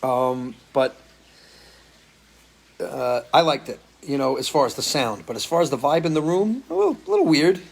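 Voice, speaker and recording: A man's voice: medium pitch, a little slow, creaky, pauses often. A man hosting a live stream as a musician, chatting casually and answering viewer comments, loose and swearing freely. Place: home, living in Florida.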